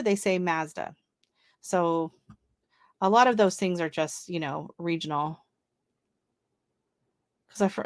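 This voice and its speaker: On a casual gardening stream, a woman who is not from Canada talks with viewers, reads seed listings aloud, and reacts to what she reads. Her pitch is medium, and the recording is clean studio sound with no echo.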